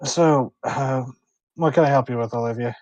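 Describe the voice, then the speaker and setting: A man's voice: mid-range voice, moderate pace, darkish tone, dry recording, dull audio, close to an everyday voice. A man doing a weary, exasperated preserve manager. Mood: sheepish. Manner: exasperated, sighing. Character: weary male wildlife-preserve manager, usually calm.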